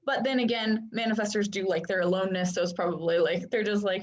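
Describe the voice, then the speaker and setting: A woman's voice: medium pitch, steady tone, fast, hardly any pauses. A woman coach teaching in a casual, chatty way and often checking in with listeners. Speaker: Human Design coach. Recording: dull lo-fi sound.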